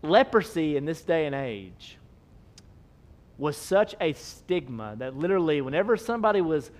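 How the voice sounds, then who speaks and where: Male pastor, high voice, emphatic sermon delivery, repeats lines, asks the room questions, casual tone. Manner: emphatic, repetitive, rhetorical questions; casual, with filler likes.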